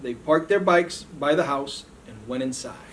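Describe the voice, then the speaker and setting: A police officer reading a picture book aloud to children in a lively, varied storybook manner. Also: male voice, mid-range voice, unhurried. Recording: faint background noise.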